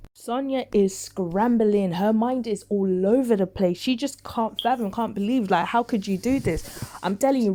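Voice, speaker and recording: A woman with a mid-range voice casually recaps and reviews a soap episode. Chatty and animated, she acts out the characters' lines with big reactions.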